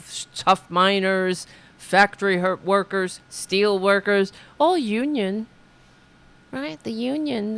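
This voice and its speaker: Slow, sarcastic woman host. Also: lowish voice. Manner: sarcastic, mocking. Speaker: podcast host. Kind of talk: political commentary.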